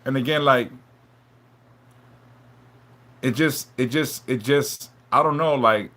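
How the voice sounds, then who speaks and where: A man hosting a live stream, talking haltingly and emotionally, stumbling and repeating words, swearing a lot and apologizing for opening up. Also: mid-range voice, sharp tone. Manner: apologetic and openly vulnerable. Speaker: livestream host reading chat.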